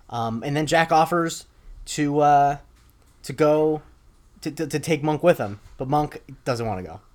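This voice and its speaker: A man's voice: on the high side, unhurried. A young man co-hosting a podcast, recapping a TV episode in a rambling, casual chat with dry asides. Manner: rambling, many ums and restarts, dry asides. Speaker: podcast co-host.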